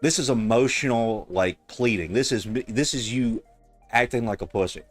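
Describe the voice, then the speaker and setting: A man's voice: mid-range voice, moderate pace, faint music behind. Blunt, profane man streaming reactions. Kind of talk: casual reaction commentary.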